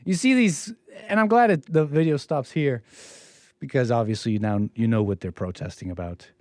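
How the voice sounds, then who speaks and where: A man's voice: medium pitch, moderate pace, a little mellow, a little hiss or hum. A man hosting a live stream, commenting on a video in a rambling, sarcastic way with frequent restarts.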